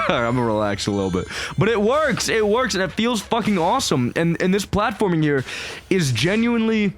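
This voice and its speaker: A man giving casual, excitable gameplay commentary, rambling and swearing freely as he plays. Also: high-pitched, a little fast. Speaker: gaming YouTuber.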